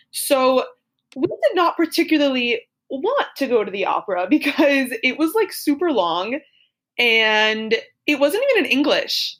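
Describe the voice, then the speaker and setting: A young woman with a fairly high voice tells a story on her podcast. She chats casually and giggles often, peppering her talk with "like" and "super". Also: a bit bright. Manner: chatty, giggly, lots of "like" and "super". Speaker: podcast co-host. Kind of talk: casual chat, telling a personal story.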